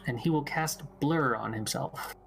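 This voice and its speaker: A man running a tabletop game as dungeon master, narrating and calling rules in a relaxed, chatty way. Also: mid-range voice, measured pace, creaky, soft background music.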